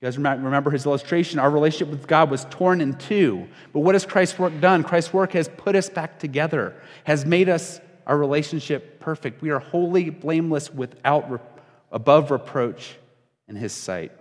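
A man's voice: a little high, moderate pace. Man preaching in a reverberant church hall. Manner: conversational, acts out quoted voices, with fillers and restarts. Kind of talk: sermon.

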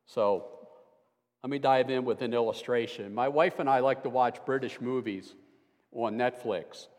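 A man's voice: mid-range voice, normal speed, darkish tone. An older man giving a conversational sermon as a guest preacher, with dry, self-deprecating humor. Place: church sanctuary. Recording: long hall reverb.

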